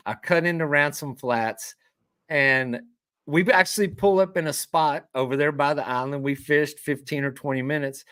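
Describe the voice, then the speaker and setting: Middle-aged fishing guide, animated yarn-spinner, dry close sound. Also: male voice, on the high side, no room sound. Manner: animated storyteller who acts out quoted dialogue. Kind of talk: casual storytelling.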